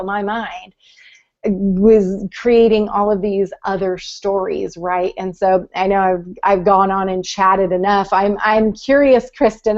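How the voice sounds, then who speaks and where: A woman's voice: mid-range voice, a little mellow, lo-fi sound. A woman co-hosting a casual group chat, talking in a chatty, encouraging way with many fillers. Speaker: podcast co-host.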